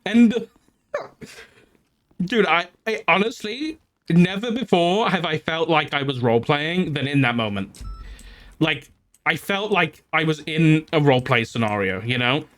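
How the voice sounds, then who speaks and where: Chatting casually with his stream audience, a man with a fairly high voice tells a story at normal speed. He's animated, swears freely, and laughs through the funny bits.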